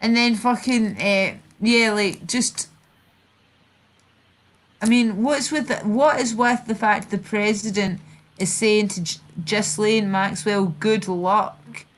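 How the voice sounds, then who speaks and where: A woman's voice: medium pitch, slow. A Scottish woman hosting a casual chat stream, rambling and swearing as she retells online feuds. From Scotland. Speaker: channel host.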